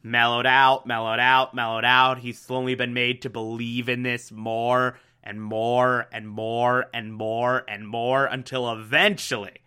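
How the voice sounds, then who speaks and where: A man's voice: mid-range voice, level tone, a little slow, hardly any pauses, sharp tone, clean tone. A young man casually recapping a TV show, enthusiastic and repetitive, with lots of fillers. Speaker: TV recap host.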